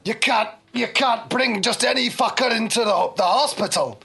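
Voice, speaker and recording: A man voicing an aggressive male soldier who barks, swears and interrogates loudly. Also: extremely high pitch, moderate pace, husky, pitched above the performer's own voice, exaggerated voice. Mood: angry.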